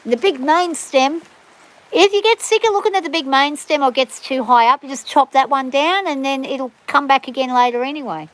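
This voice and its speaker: A woman's voice: high-pitched, moderate pace, fairly bright tone, low-quality recording. A middle-aged woman with an Australian bush accent, chatting casually and rambling to viewers on a livestream from her farm. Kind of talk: casual chat. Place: outdoors on a farm in the rain.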